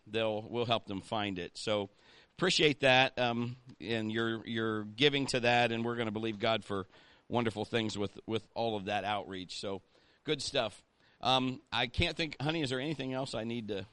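A man's voice: mid-range voice, pushed and bright, no echo. A man, a pastor, preaching a sermon in a conversational way and rallying the congregation with call-outs.

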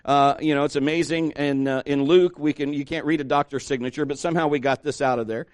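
A middle-aged male pastor preaching a conversational sermon, joking and slowing down to stress scripture. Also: fairly high pitch, fairly even intonation, no echo, studio quality.

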